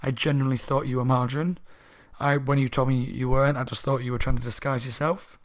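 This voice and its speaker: A man's voice: medium pitch, little pitch movement, quick pace, dry recording, studio quality, lightly acted. A man voicing an apologetic male ghost knight in his own everyday voice, speaking plainly and sincerely.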